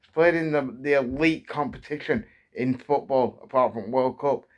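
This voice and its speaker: Heated English football fan ranting. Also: male voice, medium pitch, moderate pace, lo-fi sound. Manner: heated, repetitive, building frustration. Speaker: football fan channel host. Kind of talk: angry fan rant to camera.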